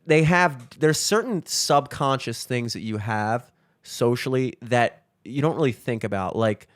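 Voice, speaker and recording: A man's voice: medium pitch, lively intonation, a little slow, no echo. A man co-hosting a podcast, rambling through casual chat with lots of fillers and swearing. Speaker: podcast co-host. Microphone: studio mic.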